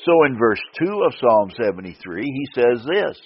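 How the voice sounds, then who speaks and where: A man preaching a sermon on the radio, slow and deliberate, repeating key phrases for emphasis. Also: mid-range voice, sing-song, slightly rough. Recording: dull lo-fi radio broadcast.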